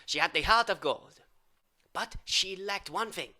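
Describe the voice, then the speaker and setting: Male improv comic: high, very bright voice, rambling absurd patter with mock-foreign phrasing. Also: a little slow. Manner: rambling absurd patter, swinging from loud outbursts to whispers. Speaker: improv comedian.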